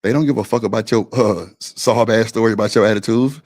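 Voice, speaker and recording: A man's voice: lowish voice, fast talker, a little mellow. A man hosting a live-stream panel, arguing his point in a blunt, profane, insistent way. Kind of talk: heated casual argument.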